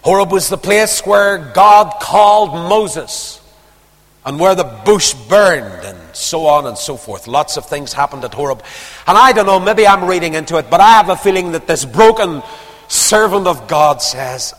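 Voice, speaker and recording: A man preaching a sermon, telling a Bible story with dramatic swings from urgent emphasis to hushed, almost whispered lines. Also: high-pitched, animated, measured pace, long reverb tail.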